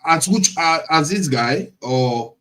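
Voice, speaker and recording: A man's voice: a little high, takes it slowly, low-quality recording. A man hosting a show, chatting casually and laughing as he reacts to video clips. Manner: laughing, relaxed commentary on clips. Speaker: host.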